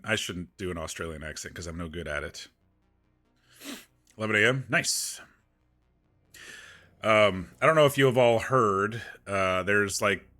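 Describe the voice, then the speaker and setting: A man hosting a relaxed live stream, chatting with viewers and greeting them by name, rambling along with small restarts. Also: on the low side. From United States. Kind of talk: casual live-stream chat. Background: game soundtrack playing faintly.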